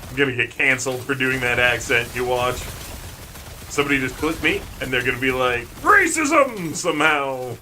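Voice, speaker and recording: A man's voice: medium pitch, steady tone, fairly quick, bright, forceful tone, a little hiss or hum. A man giving casual, jokey commentary while streaming a video game, talking to himself as he plays. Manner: playful, jokey, talks to himself.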